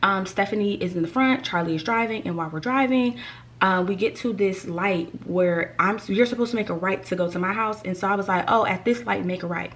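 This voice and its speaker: A woman vlogger telling a story from her own life, animated and fond of repeating lines for effect. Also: medium pitch, fairly quick. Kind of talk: storytime vlog.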